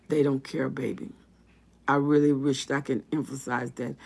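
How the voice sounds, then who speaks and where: A woman's voice: a bass voice, fairly even intonation, moderate pace, vocal fry, a little mellow. A woman hosting a live advice stream, reading viewer comments aloud and answering them with emphatic, repetitive, preacher-like encouragement. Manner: religious encouragement.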